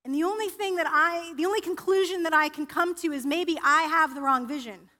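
A woman's voice: very high voice, brisk, sharp tone. A woman preacher giving a personal, confessional sermon in a church, often restarting her sentences. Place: church sanctuary. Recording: reverberant church hall.

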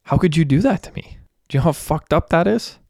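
Young clerk, blunt and exasperated, swears freely, read by a man with a low, smooth voice. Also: brisk, no echo, clean studio sound, lightly acted. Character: young male store clerk, rattled and blunt.

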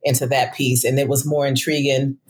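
A woman speaking as a podcast guest about her small business, relaxed and thinking aloud with frequent "um"s. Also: very deep voice, brisk, breathy edge. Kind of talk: casual interview answer.

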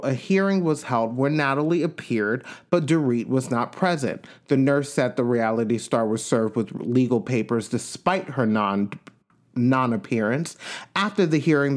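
Chatty man hosting a gossip podcast. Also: mid-range voice. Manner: chatty and animated, reads news aloud with asides. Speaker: podcast host. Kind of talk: casual celebrity gossip commentary.

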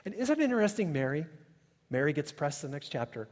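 A male pastor delivering a sermon in a church, moving from quiet asides to rising, emphatic preaching. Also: fairly high pitch, sing-song, quick pace. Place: church sanctuary. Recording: long reverb of a large hall.

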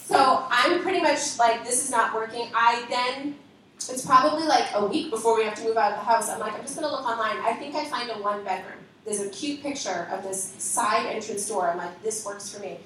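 A woman leader giving a lively spoken testimony to a congregation, acting out the conversations she recounts. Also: on the high side, a little fast, slight background noise. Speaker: ministry leader. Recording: echoey hall from far off.

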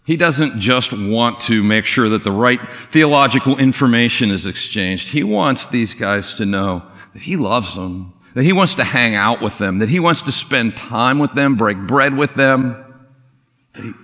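A man's voice: medium pitch, a little slow. A man preaching a sermon as pastor, telling the story in a casual way. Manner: casual storytelling with lively acted quotes. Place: church sanctuary. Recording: long reverb of a large hall.

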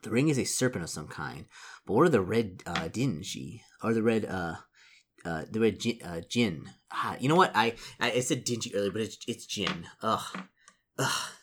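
Man reading a gamebook, lively voice. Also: on the low side, breathy edge. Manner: halting reading, stumbles on words, animated asides. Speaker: reader playing a solo gamebook. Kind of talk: reading aloud with asides.

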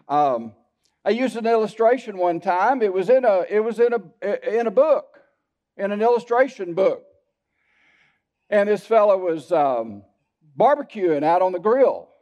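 In a church sanctuary, a male pastor preaches a sermon, telling personal stories in a folksy way and often turning to the congregation with asides. His voice is high, animated and a little mellow, at a measured pace, captured on a dull lo-fi recording.

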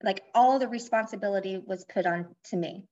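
A woman's voice: mid-range voice, brisk, a little mellow. A woman life coach in a casual podcast interview, speaking candidly and explaining with personal examples. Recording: dull lo-fi audio.

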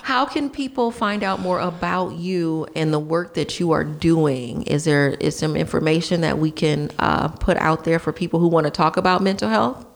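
A woman's voice: low voice, normal speed, vocal fry. A woman co-hosting a podcast in casual chat, wry and teasing. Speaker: podcast co-host.

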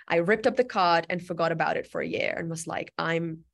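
Young woman telling her story, lowish voice, lots of "like" and "you know". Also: fairly quick, creaky. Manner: animated, lots of fillers, quotes herself. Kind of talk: personal storytelling.

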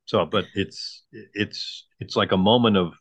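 A man's voice: on the low side, fairly even intonation, a little slow, fairly bright tone, dry recording. A man co-hosting a podcast, chatting casually about a TV episode with short, agreeing replies and chuckles. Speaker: podcast co-host. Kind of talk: casual chat.

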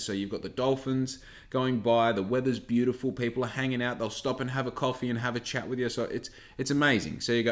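A man, rambling and swearing through a casual podcast monologue. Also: medium pitch. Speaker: podcast host.

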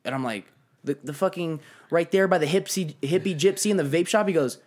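A young man hosts a podcast in loose, profane banter. His voice sits on the high side for a man, and he talks in an animated way, often slipping into impressions of other people. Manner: animated, swearing, quick to mimic others. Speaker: podcast host. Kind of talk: casual chat.

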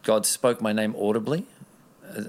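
A man's voice: on the low side, normal speed, a little mellow. A man, an interview guest telling a personal story in an earnest, rambling way with many restarts.

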